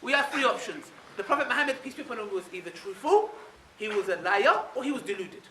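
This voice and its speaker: A man lecturing a live audience in a high, bright voice, full of rhetorical questions. He sounds distant from the mic in an echoey hall, with faint noise behind him. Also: fast talker. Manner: animated, keeps asking rhetorical questions with a tag "yeah?". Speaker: Islamic speaker addressing an audience.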